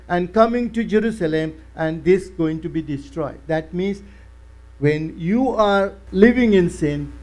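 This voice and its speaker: A man preaching a sermon, emphatic and repetitive, explaining a Bible passage slowly. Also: sits high, a little mellow, low-quality recording. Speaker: pastor.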